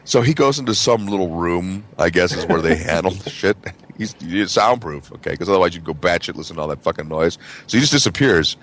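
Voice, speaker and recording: A man's voice: sits low, animated, brisk, fairly bright tone. A man telling a story in casual chat, profane and often laughing. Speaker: co-host. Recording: faint background noise.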